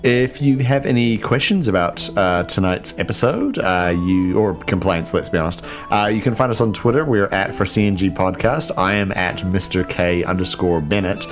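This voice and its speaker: A man's voice: low-pitched, moderate pace, few pauses. A man hosting a podcast outro in a casual, rambling way with many fillers. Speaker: podcast host. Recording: clear music bed behind.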